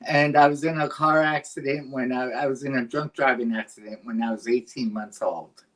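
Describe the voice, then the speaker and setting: A man's voice: medium pitch, steady tone, moderate pace, a bit bright. A man doing stand-up as a guest comedian, with dry self-deprecating jokes and hesitant fillers.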